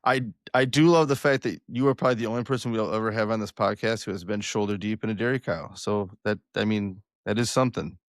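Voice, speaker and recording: A young man hosting a podcast, joking loudly with a flat announcer-like delivery. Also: fairly low pitch, fast, hardly any pauses, dry recording, clean studio sound. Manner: loud, joking, self-described monotone announcer delivery. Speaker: podcast host. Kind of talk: casual podcast chat.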